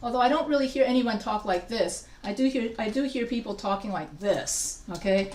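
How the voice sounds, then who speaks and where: A woman's voice: on the high side, animated, a little fast, darkish tone, a little hiss or hum. A woman instructor giving a live grammar lesson, explaining step by step and quizzing her students. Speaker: writing instructor. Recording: echoey classroom from a distance.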